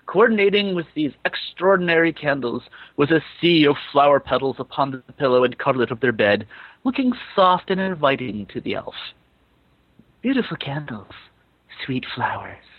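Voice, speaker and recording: A man's voice: fairly high pitch, lively intonation, fairly quick, no room sound, lo-fi sound. A man reading fan fiction aloud for comedy, breaking off now and then to laugh and comment.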